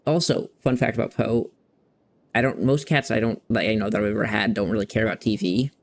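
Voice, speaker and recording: A man's voice: fairly low pitch, fairly even intonation, fairly quick, a little hiss or hum. A man hosting a gaming video, chatting casually in a rambling, candid way and swearing now and then. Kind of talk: casual chat while playing.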